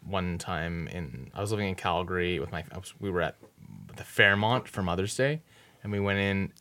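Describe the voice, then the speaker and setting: A man with a fairly low voice joins a casual podcast chat. He speaks hesitantly and pauses with "um" as he starts his own story. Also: pushed and bright.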